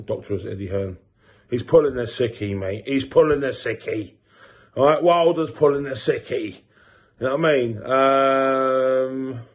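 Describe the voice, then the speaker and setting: A man, hosting his own boxing channel and ranting casually, swearing and repeating himself as he grows louder. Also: lowish voice. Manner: animated, swearing, repeats himself, rising to shouts. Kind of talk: casual boxing opinion rant.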